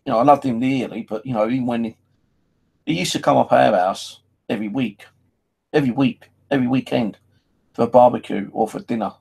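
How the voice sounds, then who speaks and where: A man's voice: medium pitch, creaky, a little mellow, breathy edge, poor audio. A man talking in a casual, rambling personal monologue, full of "you know" and freely swearing. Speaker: vlogger.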